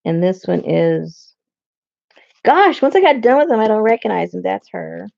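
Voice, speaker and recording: With a medium-pitched, sing-song voice, some vocal fry, and a slightly mellow tone, a woman talks at a moderate pace over dull audio. She stands in her craft room hosting a casual crafting video, rambling to herself as she looks for supplies.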